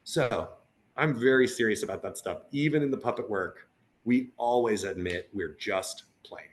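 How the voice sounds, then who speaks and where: Earnest, animated man with a low voice. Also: normal speed. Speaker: puppeteer and teaching artist. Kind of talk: casual conversation, storytelling.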